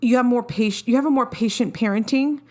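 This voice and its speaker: A woman's voice: a little high, fast. A young woman co-hosting a podcast, talking frankly and firmly about parenting in casual chat with fillers. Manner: frank, firm, chatty with fillers. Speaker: podcast co-host.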